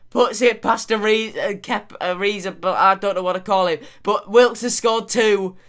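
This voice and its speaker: A man giving lively video game commentary on a football match. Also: high-pitched, clean tone. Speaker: gaming YouTuber.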